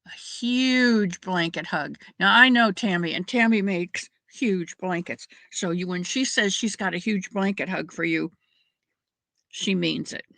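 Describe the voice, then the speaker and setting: A woman's voice: fairly low pitch, unhurried, gravelly, fairly bright tone, dry recording. A middle-aged woman hosting a crafting livestream, chatting casually and rambling as she greets viewers by name. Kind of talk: casual chat with live viewers.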